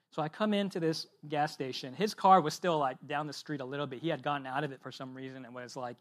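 A man's voice: a little high, fairly bright tone. Male pastor telling a story casually. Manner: casual storytelling with many fillers and tag questions. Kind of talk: sermon with a personal story.

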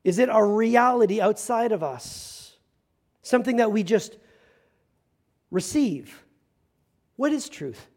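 Man, pastor, sermon, high-pitched, casual and funny, emphatic pauses. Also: animated, a little mellow. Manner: conversational, self-deprecating humor, emphatic slow stresses.

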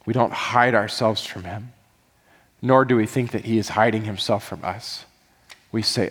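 A man's voice: fairly low pitch, steady tone, normal speed, a bit bright, slightly rough, in a large hall. A man preaching a sermon as pastor, earnest and building into fervent, pleading prayer.

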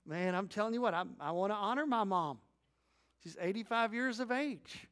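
A middle-aged pastor with a notably high male voice delivers an animated sermon. He acts out little scenes in storytelling bursts, then slows down to lead his congregation in reading aloud together. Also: clean tone. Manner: leads congregation in responsive reading.

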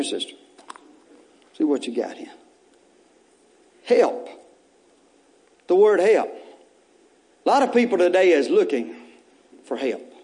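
Warm in tone and high in pitch, this male pastor is giving an Easter sermon. His preaching is repetitive and exhorting, rising in bursts of intensity, as he urges the congregation on through repeated phrases and drops in relaxed, joking remarks.

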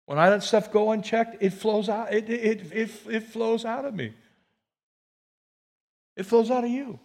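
A high-pitched man preaches with lively, theatrical delivery. He slips into the voices of the people in his stories, and his voice swells from quiet asides to near-shouts. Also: measured pace. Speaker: pastor. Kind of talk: sermon.

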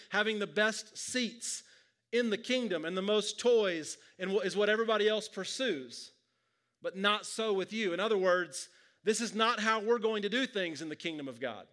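A man preaching a sermon in a relaxed, conversational way, often checking in with the listeners. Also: sits high, moderate pace. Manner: conversational preaching, asides like "right?". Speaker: pastor.

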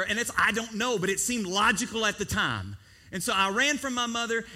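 A man's voice: sits high, pushed and bright. A man in his thirties preaching a sermon, telling a childhood story with acted-out quotes and questions to the congregation. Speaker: pastor.

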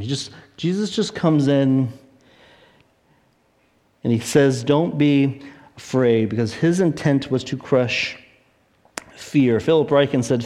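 A man preaching a sermon, retelling a story with animated, acted-out voices. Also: mid-range voice. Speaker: pastor.

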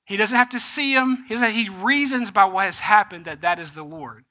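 A male pastor with a high, sharply bright voice delivers his sermon. He talks like he's chatting with the congregation and keeps checking in with them. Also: moderate pace. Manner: conversational, checks in with "right?".

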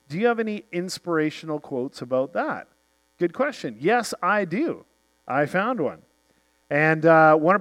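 A middle-aged male pastor preaching a sermon, telling stories and quoting famous speeches with drama. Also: on the high side.

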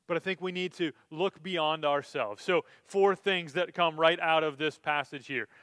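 A man's voice: on the high side, normal speed, fairly bright tone, no room sound. A male pastor preaching a sermon in a conversational way, building to emphatic, impassioned stretches.

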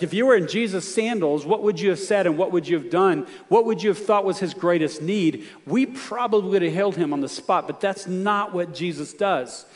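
Pastor preaching in a reverberant hall. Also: male voice, sits high. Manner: storytelling, earnest, emphatic questions to the congregation. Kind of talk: sermon.

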